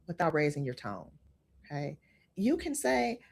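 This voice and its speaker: A woman's voice: on the high side, animated, moderate pace, vocal fry, a little mellow, breathy edge. A middle-aged woman hosting a podcast, giving an earnest motivational talk and checking in with the listener often. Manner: earnest, repeats "okay?" to the listener. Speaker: podcast host.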